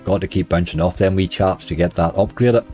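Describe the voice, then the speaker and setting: A man's voice: low voice, a little fast, warm tone, soft background music. A man with a Northern Irish accent giving chatty running commentary as a slots streamer, grumbling at the game and chatting to viewers.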